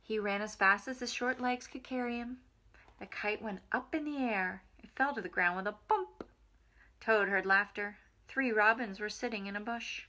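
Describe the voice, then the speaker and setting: A woman reading a picture book aloud to small children in a gentle, expressive way. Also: mid-range voice, normal speed. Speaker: nursery school reader. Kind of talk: storybook read-aloud for children.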